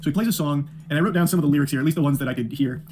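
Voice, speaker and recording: A man's voice: on the high side, racing, a little mellow. A man reviewing a film in an exasperated, profane, sarcastic rant. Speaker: film critic.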